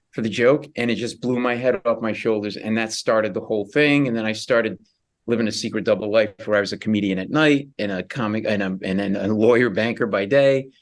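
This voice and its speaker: Animated comedian telling stories. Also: male voice, mid-range voice. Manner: animated, acts out quoted voices, quick asides. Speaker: comedian guest. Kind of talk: radio interview storytelling.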